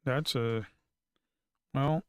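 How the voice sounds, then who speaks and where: A man at his trading desk thinks out loud on a live stream, grumbling and cursing over losing trades. His voice is smooth and clear and sits in an ordinary middle pitch. The recording is dry and close, with no room sound. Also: very slow, dry recording. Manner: frustrated, swearing, muttering to himself. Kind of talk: casual live-stream talk.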